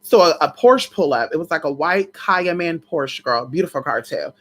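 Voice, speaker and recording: Woman vlogger, lowish voice, casual storytime, chatty, talks straight to viewers, swears freely. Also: animated, normal speed, fairly bright tone. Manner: chatty, colloquial, addresses viewers directly.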